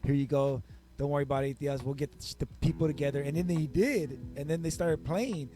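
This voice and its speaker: A man's voice: a little high, fast talker, soft background music. A man co-hosting a casual podcast chat, telling stories and acting out quotes with lots of energy. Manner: animated storytelling, acts out quotes. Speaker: podcast producer and co-host.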